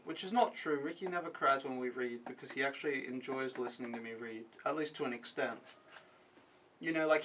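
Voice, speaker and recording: A man's voice: on the high side, bright, forceful tone, distant mic, poor audio. A young man recapping his week as an au pair in a casual vlog, talking frankly and swearing freely. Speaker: au pair vlogger.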